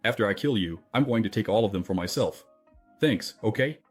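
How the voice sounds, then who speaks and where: A man's voice: lowish voice, expressive, a little fast, breathy edge, faint music behind. Man doing a cocky taunting knight. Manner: drawling, mocking taunts. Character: cocky young male knight, shameless and taunting.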